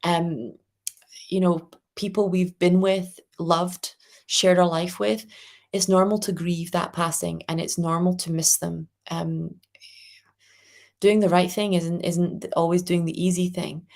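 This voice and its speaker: A woman with a slightly low voice hosts a live angel reading. She talks gently and reassuringly, calling viewers darling and reading out their comments. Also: little pitch movement, a little slow. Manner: reads viewer comments aloud. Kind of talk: live-stream spiritual reading.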